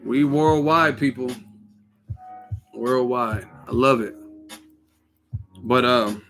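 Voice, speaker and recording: A man hosting a boxing live stream, hyped and slangy, rattling off quick shout-outs in casual chat. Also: medium pitch, soft background music. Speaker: boxing channel host.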